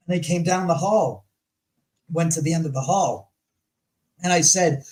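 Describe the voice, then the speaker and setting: Guy on a show telling a long story, animated, acts out what he said, swears a lot, a bit high voice. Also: a little fast, low-quality recording. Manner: animated, acts out his own past arguments; swears freely. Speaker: guest. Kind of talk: casual storytelling on a live show.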